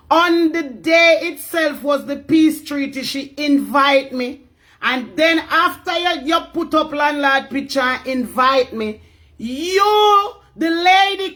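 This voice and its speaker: A middle-aged woman with a Jamaican accent rants on a livestream, angry and often shouting as she repeats her points. Her voice is high, with a bright, piercing edge. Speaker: livestream talker. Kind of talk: heated livestream rant.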